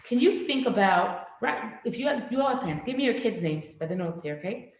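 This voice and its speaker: Animated woman teaching, very echoey room. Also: mid-range voice, a little fast. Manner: animated, acts out children's voices. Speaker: parenting class teacher. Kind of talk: classroom lecture. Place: classroom.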